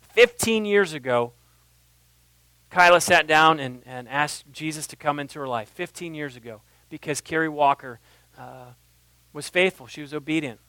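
A man's voice: on the high side, moderate pace, dry recording, rough recording. Man preaching a passionate sermon. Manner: swings from quiet, intimate asides to loud, impassioned preaching. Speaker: pastor.

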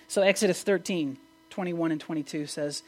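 A man preaching a sermon as pastor, animated and asking his listeners questions, with frequent restarts. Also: on the high side, normal speed. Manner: animated, asks the audience questions, many restarts.

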